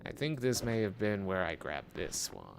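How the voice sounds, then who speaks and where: A man's voice: lowish voice, very animated, moderate pace, background noise. A man streaming a game, giving casual commentary and muttering to himself in a chatty, self-mocking way.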